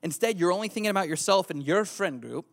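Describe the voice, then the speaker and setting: A man's voice: high voice, lively intonation, fast talker, vocal fry, dry recording, studio quality. A man preaching a youth sermon, playful and teasing the audience. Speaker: youth pastor.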